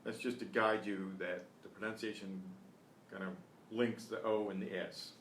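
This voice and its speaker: A man's voice: fairly low pitch, steady tone, fairly bright tone, far from the mic. Patient male teacher in a roomy space. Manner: patient, explanatory, repeating phrases slowly. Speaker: Spanish teacher. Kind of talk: online beginner language lesson. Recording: roomy echo with faint noise.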